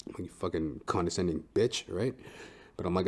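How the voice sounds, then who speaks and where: A man's voice: low-pitched, normal speed, darkish tone, slightly rough. A man hosting a podcast, telling a comic story in a profane, ranting way with frequent "right?". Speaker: podcast host.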